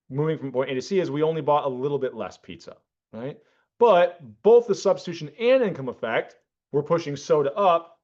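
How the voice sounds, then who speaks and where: A man's voice: fairly high pitch, a little mellow. Man lecturing in a dull lo-fi recording. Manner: explanatory, self-correcting, rhetorical checks. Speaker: economics lecturer. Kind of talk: classroom lecture.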